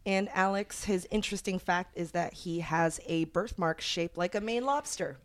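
A woman with a slightly low voice hosts a relaxed podcast conversation. She reads trivia answers and strange news items with playful, giggly energy, keeping things light for her co-hosts. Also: normal speed. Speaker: podcast host. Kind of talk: casual chat.

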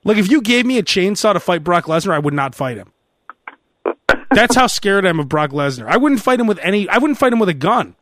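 High-voiced man joking on a podcast. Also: brisk, no room sound. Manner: animated, joking, mimics others' voices. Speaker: podcast host. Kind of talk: casual comedy chat.

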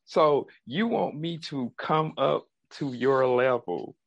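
A man co-hosts a casual podcast chat, speaking slowly. He rambles and repeats words while working toward his point. The sound is dry and a little lo-fi. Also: mid-range voice, animated, creaky, no echo. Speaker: podcast co-host.

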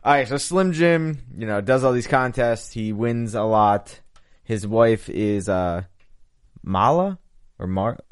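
A man's voice: on the low side, slow, smooth, no room sound, studio quality. A man hosting a casual episode recap chat, laughing often and hesitating with lots of fillers. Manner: laughs often, hesitant with many uh and you know. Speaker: host.

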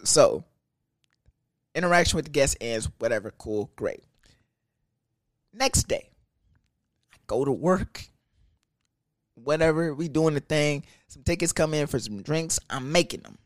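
A man's voice: fairly high pitch, a little slow, pauses often, no echo, studio quality. A young man from Texas, telling a casual, profane and joking story about his work. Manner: profane, animated, ranting and joking. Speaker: storyteller vlogger.

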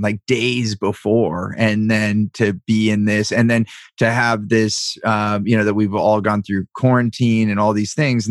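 A man's voice: lowish voice, dry recording, studio quality. A man hosting an interview, thinking aloud in a reflective, rambling way with many restarts. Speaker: host. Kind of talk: conversational interview.

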